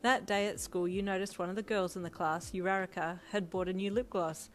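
A woman reading a second-person fanfiction story aloud in a steady, plain storytelling voice. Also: fairly low pitch, fairly quick, slight background noise. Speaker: fanfiction reader. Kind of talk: second-person audiobook narration.

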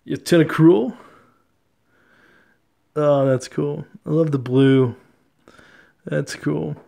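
A young man casually talking through his trading card collection, relaxed and chatty, often laughing and using fillers. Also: on the high side, slow pace, gravelly. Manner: relaxed, chatty, easily amused, many fillers.

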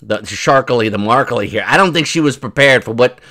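A man's voice: medium pitch, normal speed, bright, forceful tone. A man hosting a casual commentary vlog, talking to his viewers in a chatty, rambling way with mocking asides. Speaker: commentary channel host.

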